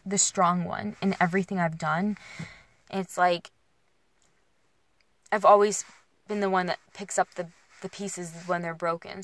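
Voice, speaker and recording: A young woman vlogging while driving, rambling through emotional restarts and filler words, sounding worn and alone. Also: medium pitch. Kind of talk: casual venting while driving. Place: in a car.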